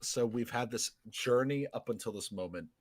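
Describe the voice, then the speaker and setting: A man hosting a casual podcast chat, excitable and quick to laugh. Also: mid-range voice, husky, no room sound. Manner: excitable, laughs often, shouts quoted lines. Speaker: podcast host.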